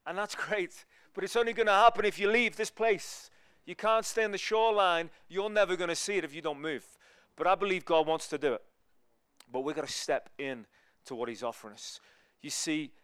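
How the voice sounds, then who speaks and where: A man preaching as a guest speaker, telling stories in a relaxed, conversational way. His voice sits a little high and sounds smooth and resonant. The sound is dry and close. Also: no echo. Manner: conversational, storytelling, swings between loud and hushed. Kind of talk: sermon.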